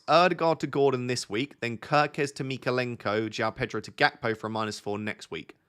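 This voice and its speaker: Friendly southern English man streaming live. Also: medium pitch. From Essex, England. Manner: relaxed, friendly, thinks aloud. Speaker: fantasy football streamer. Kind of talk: live stream chat reading viewer questions.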